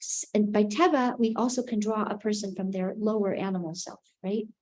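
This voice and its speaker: A woman giving a reflective spiritual teaching, unhurried, often checking in with "right?". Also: mid-range voice, fairly even intonation, darkish tone, rough recording.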